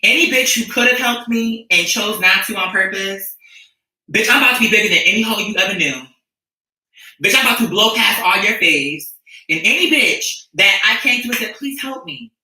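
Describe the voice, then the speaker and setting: A rambling, profane streamer chats with viewers, sassy and quick to restart sentences. The voice is very bright and sharp. It rings around a very echoey room from a mic set well back. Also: medium pitch, lively intonation, distant mic. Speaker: streamer and musician. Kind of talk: casual chat with viewers.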